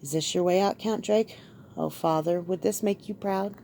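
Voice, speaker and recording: A woman's voice: on the low side, moderate pace, vocal fry, mellow, slight background noise. A woman voicing an earnest young king rallying a crowd. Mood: rousing. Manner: rousing, speech-making delivery. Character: young male king rallying his people, earnest and resolute.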